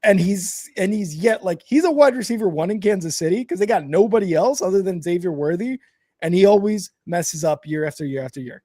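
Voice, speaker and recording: A man co-hosting a sports podcast, talking loosely and reacting with quick quips. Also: high voice, animated, mellow, no room sound, clean studio sound. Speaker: podcast co-host. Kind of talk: casual chat.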